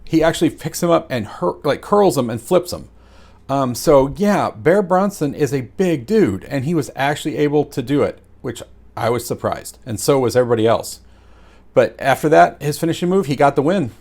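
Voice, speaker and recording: A man casually reviewing wrestling matches in a rambling, animated way, with lots of fillers and chuckles. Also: mid-range voice, moderate pace.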